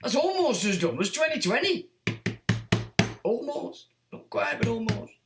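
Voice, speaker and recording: A man's voice: very high-pitched, sing-song, measured pace, roomy sound, over loud music. A man hosting a livestream, reading chat comments and ranting in a blunt, sweary, sardonic way. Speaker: livestream host.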